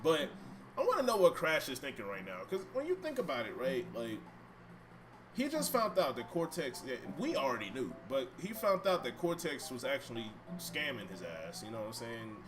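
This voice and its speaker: With game music behind him, a man livestreams a video game from a room in his home, trading banter with his audience and swearing freely. His mid-range, slightly bright voice swings hugely in pitch at a normal pace, over slight background noise.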